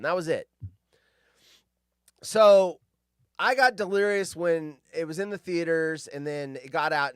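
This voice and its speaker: A man from California in his fifties hosts a show and wanders through nostalgic tales full of tangents in a casual monologue. His fairly high voice has a clean tone, with no echo and clean studio sound.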